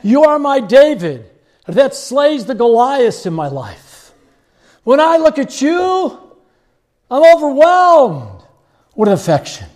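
A man's voice: extremely high pitch, huge pitch swings, takes it slowly, darkish tone, voice pushed up, heavily acted. A gushing, adoring wife, as a preacher puts her on. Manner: gushing, mock-romantic, laughing through it.

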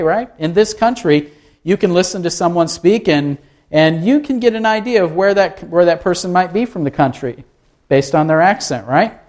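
A man's voice: high-pitched, a little mellow. A man preaching a sermon in a conversational way, asking his listeners rhetorical questions. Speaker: pastor.

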